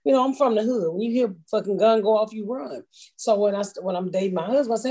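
A woman's voice: medium pitch, quick pace, mellow. A middle-aged woman from the United States, a guest talking casually and telling stories bluntly, with plenty of profanity. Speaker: podcast guest. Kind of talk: casual chat.

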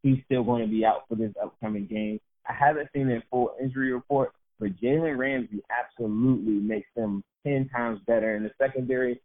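A man's voice: medium pitch, steady tone, fairly quick, few pauses. A man co-hosting a podcast, talking casually about football and laughing at himself. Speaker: podcast co-host. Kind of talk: casual sports talk. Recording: narrow phone-like sound.

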